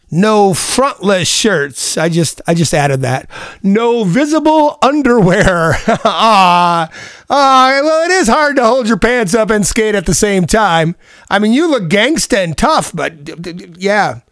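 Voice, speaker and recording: A man's voice: high voice, a bit bright, clear, resonant tone, no echo, studio quality. A middle-aged man reading out roller rink rules in a casual, joking monologue, adding sarcastic asides. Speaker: roller skating vlogger.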